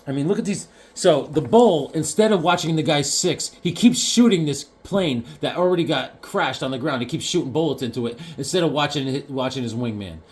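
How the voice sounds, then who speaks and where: A man chatting casually about comic books, jokey and animated, now and then acting out the characters. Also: a little high, brisk, few pauses. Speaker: comic collector vlogger. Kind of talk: casual chat.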